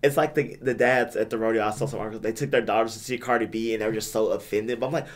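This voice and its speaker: This lowish male voice is rapid-fire with fairly even intonation. He's a young man co-hosting a podcast after returning from a gaming convention, chatting casually, rambling, and frequently tripping over and repeating words.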